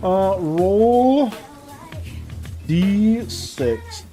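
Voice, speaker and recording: A streamer running a tabletop game and chatting casually on a live stream, rambling and quick to laugh. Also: mid-range voice, lively intonation, dark tone, soft background music.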